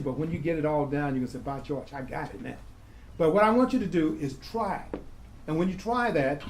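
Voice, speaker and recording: A man's voice: on the high side, darkish tone, a little hiss or hum, low-quality recording. A man teaching a grant-writing class, quizzing students with call-and-response questions and repeating key words. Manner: asks the class "what?" and answers himself, repeats key words. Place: community classroom.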